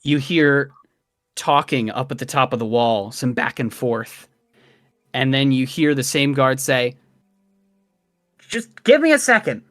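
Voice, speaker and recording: A young man narrating a tabletop game as dungeon master in an unhurried, descriptive way. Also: medium pitch, fairly even intonation, a bit bright, no room sound, clean studio sound.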